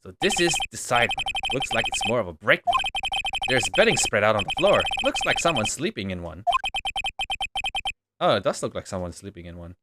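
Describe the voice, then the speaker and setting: A man's voice: lowish voice, very animated, a little fast, heavy background noise. Casual man reading a game aloud. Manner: casual, wry, reads dialogue aloud. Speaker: game streamer reading all characters. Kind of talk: game playthrough voicing the text. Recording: voice over loud game music.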